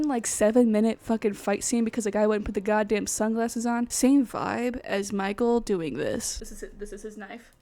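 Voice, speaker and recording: Profane, animated woman recapping a movie. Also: on the high side, no room sound. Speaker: host.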